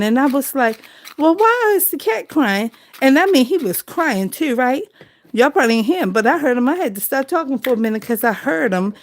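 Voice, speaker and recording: Lady vlogger, chatty, says y'all a lot, just talking to the camera. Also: fairly high pitch. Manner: chatty storyteller, addresses viewers as y'all. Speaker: craft vlogger. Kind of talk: casual chat to viewers.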